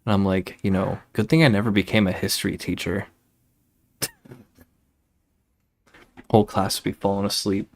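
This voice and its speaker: A young man streaming a game, chatting casually and rambling off on tangents, relaxed and swearing freely. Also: on the low side, moderate pace, long pauses. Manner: laid-back, swears casually.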